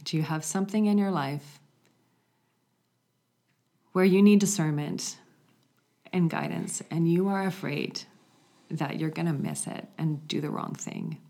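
A woman telling a story in a conversational faith reflection, animated, with hushed passages. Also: low-pitched, a little slow, long pauses. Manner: storytelling, animated, drops to a hushed voice for quiet moments.

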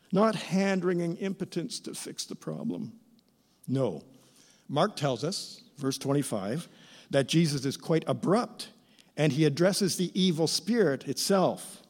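A middle-aged man preaching a sermon as pastor, with expressive, theatrical emphasis. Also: fairly high pitch. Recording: reverberant church hall.

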